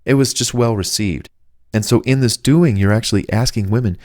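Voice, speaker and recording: A man's voice: lowish voice, a little fast, a little mellow, no echo, clean studio sound. A man, the author, giving casual, rambling dating advice in a chatty, salesman-like way. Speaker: author reading and riffing on his own book.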